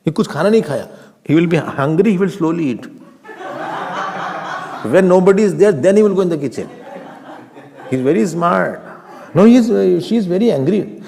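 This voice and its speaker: A man, a swami, giving a humorous, animated Vedanta class, mixing Hindi into his English and chanting Sanskrit verses. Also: high voice, quick pace, vocal fry, pauses often. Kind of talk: scripture class lecture. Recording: reverberant hall.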